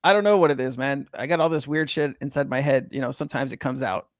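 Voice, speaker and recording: A man's voice: medium pitch, fairly even intonation, fast talker, dry recording, clean studio sound. A man hosting a casual crypto livestream, rambling and chatty with lots of fillers and restarts.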